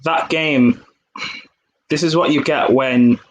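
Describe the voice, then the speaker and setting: A man's voice: on the high side, fairly even intonation, slow pace, echoey room, low-quality recording. A man calling into a football show, giving blunt, opinionated match analysis. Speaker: caller.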